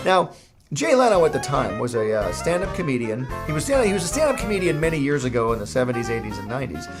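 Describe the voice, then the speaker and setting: A man's voice: mid-range voice, big pitch swings, fast, music in the background. A man, a cartoon creator, telling a jokey, self-mocking story in a casual vlog.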